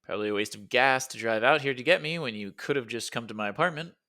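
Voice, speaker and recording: A man voicing a sarcastic young man in an audiobook who talks fast when he is flustered. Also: medium pitch, sharp tone, lightly acted. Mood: wry.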